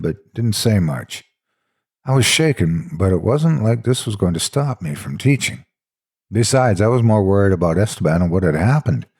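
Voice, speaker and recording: A man's voice: low voice, a little mellow, slightly rough. A man narrating a horror story in the first person, with a dramatic, intense delivery.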